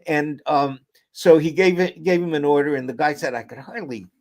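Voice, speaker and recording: A man, a guest author and lecturer, telling an anecdote in an interview with lively delivery, sometimes dropping almost to a whisper. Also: a little high, normal speed. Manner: animated storyteller, drops to near-whisper for quotes.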